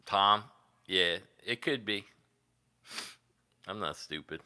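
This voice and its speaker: A guitarist hosting a casual livestream tells rambling, profane stories from his years as a musician and laughs at them. His voice is deep and slow, bright, forceful, clear, and resonant.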